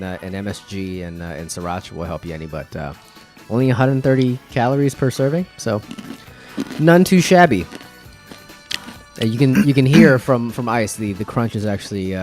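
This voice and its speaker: A man co-hosting a podcast in a casual snack-tasting chat, wry and teasing, with a halting delivery full of fillers. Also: mid-range voice, darkish tone. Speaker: podcast co-host.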